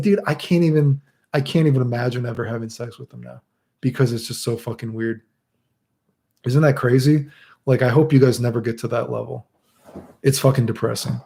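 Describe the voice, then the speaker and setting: A man's voice: mid-range voice, gravelly, warm tone. A young man chatting casually as a streamer answering chat, crude and rambling, swearing a lot.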